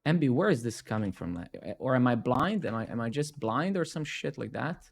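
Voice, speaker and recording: A man's voice: mid-range voice, lively intonation, brisk, gravelly. A man hosting a live coding stream, talking casually in a rambling, sarcastic and profane way with lots of self-mockery.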